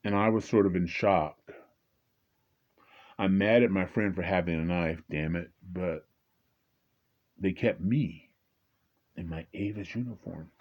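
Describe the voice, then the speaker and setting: A man's voice: low voice, steady tone, normal speed, dull audio. A man telling a personal story in a conversational way, often stopping and restarting, and raising his voice when he acts out angry exchanges. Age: 20s at the time told, now older. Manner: frequent fillers and repeated restarts.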